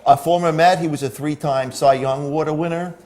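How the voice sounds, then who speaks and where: A man's voice: a little high, steady tone, a little fast, a little mellow. A man co-hosting a sports talk show in casual chat. He reads out stats, laughs easily and chimes in with short replies.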